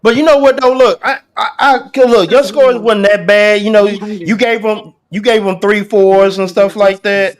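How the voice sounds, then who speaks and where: A man hosting a poetry show, talking in a casual, animated way with lots of restarts and slang. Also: high voice, normal speed, hardly any pauses. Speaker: host. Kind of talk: casual chat.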